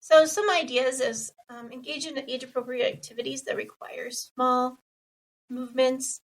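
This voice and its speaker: A woman co-hosting a podcast who calmly explains and lists examples as an occupational therapist. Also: sits high, normal speed, recorded from a distance, rough recording. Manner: steady, explanatory, listing examples. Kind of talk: casual podcast chat, explaining.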